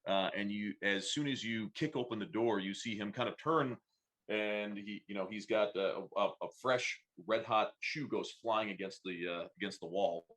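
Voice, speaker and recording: A man narrating a tabletop game as game master, describing scenes with many halting fillers. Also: fairly low pitch, fairly bright tone. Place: home, online stream.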